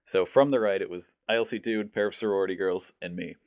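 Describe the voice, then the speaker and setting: A young man tells a story on a podcast, playing each person in it as he goes. His voice sits fairly low. The sound is dry and close, with no room around it. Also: fast, dry recording. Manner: animated storyteller, mimics voices. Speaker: podcast host. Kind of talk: casual storytelling.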